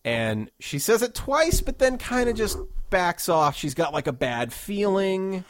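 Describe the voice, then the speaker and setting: A man's voice: high-pitched, very animated, measured pace, slight background noise. A man co-hosting a podcast, recapping a movie in casual, joking chat and often repeating words. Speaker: podcast co-host.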